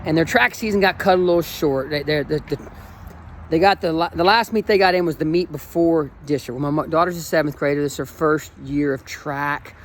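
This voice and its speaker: A man's voice: fairly high pitch, brisk, a little hiss or hum. A man in his forties, a running coach, talking in an enthusiastic, emotional and rambling way in a casual motivational vlog. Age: 40s.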